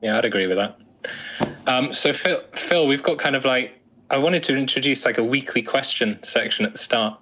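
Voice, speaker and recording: A man's voice: mid-range voice, moderate pace, bright, forceful tone, a little hiss or hum, poor audio. A man hosting a podcast in casual, rambling chat, teasing his guests. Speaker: podcast host.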